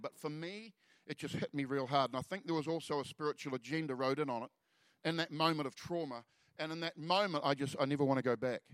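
A man telling a personal story in a sermon, earnest and halting, often trailing off softly before lifting into exhortation. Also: on the high side, no room sound. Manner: earnest storytelling, halting restarts, soft drops in volume. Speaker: preacher. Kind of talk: sermon testimony.

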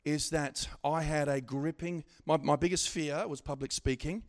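A middle-aged man preaching a sermon, swinging from loud exhortation to quiet asides, with stammering restarts. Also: on the high side, steady tone, normal speed.

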